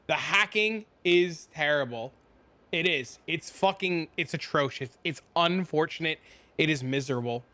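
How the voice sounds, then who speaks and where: A man's voice: a little high, a little slow, sharp tone. A man streaming a game and chatting casually with viewers, blunt, profane and rambling. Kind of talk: casual live-stream chat.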